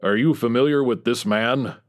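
A man voicing a businesslike federal agent who speaks formally and briskly. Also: medium pitch, voice pushed up, natural voice.

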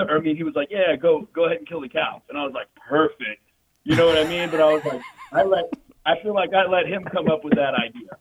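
A military veteran guest with a slightly high voice tells war stories fast and casually, swearing often and filling his speech with fillers and repeated "you know what I mean." The recording sounds tinny, like a phone, with a little hiss or hum.

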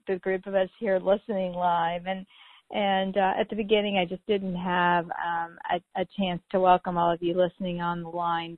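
A woman hosts a conference call in a gushing, giggly way, her slightly low voice cluttered with ums and uhs. The sound is thin and dry, like a phone line. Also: no room sound. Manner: effusive and giggly, with many fillers. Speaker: host. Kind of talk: casual chat on a conference call.

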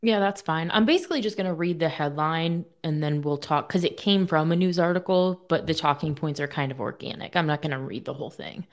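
A woman's voice: sits low, fairly quick, hardly any pauses. A woman co-hosting a money radio show, answering with dry humor and frequent laughter. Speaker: radio co-host, financial educator. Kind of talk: casual studio banter.

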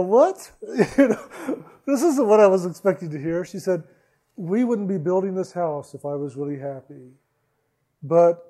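Slow, mellow-voiced man telling a story. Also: fairly high pitch. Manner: slow, reflective, repeats phrases for emphasis. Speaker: speaker telling a personal story. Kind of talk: storytelling talk.

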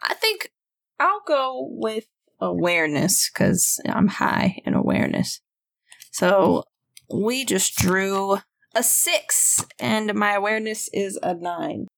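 A woman playing a tabletop role-playing game, thinking aloud with laughs and halting restarts. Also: medium pitch, animated, creaky, fairly bright tone. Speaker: player. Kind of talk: casual tabletop role-play chat.

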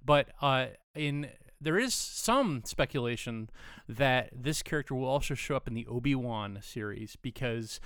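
A man's voice: medium pitch, animated, measured pace, a bit bright, clean tone, no room sound, clean studio sound. Enthusiastic man rambling in casual chat. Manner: enthusiastic, rambling with many fillers. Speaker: podcast co-host.

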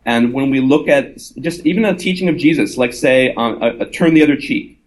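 A man of ordinary pitch gives a conversational talk at a live gathering. He is earnest and reasons aloud as he goes. He often slips into the voices of the people he quotes. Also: a little fast, a little hiss or hum, poor audio. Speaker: author and invited speaker.

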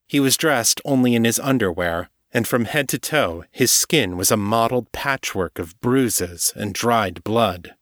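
A man reading his own novel aloud in steady, measured audiobook narration. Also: medium pitch, dry recording, studio quality.

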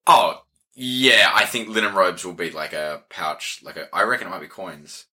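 Very deep, bright-toned man. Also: breathy edge. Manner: unhurried, thinking aloud. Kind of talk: casual chat at a game table.

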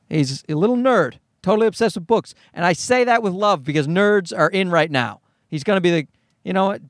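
A man with a high, lively voice rambles through a comic story as a podcast host. He swears freely and keeps a sarcastic edge. The sound is close and dry. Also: no room sound. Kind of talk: comedic storytelling monologue.

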